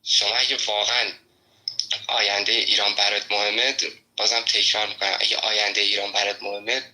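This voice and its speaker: A man's voice: on the low side, little pitch movement, very fast, bright, forceful tone, rough recording. A man guest making an earnest, insistent political argument, repeating his point. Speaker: guest on a livestream.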